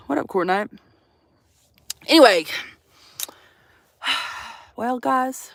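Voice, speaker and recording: A woman's voice: on the high side, drawn-out words, vocal fry, fairly bright tone, dry recording. A young woman chatting casually and sassily on a livestream from her van, swearing and teasing her viewers. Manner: swearing, teasing, sassy, addresses viewers as y'all. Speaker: vanlife livestreamer.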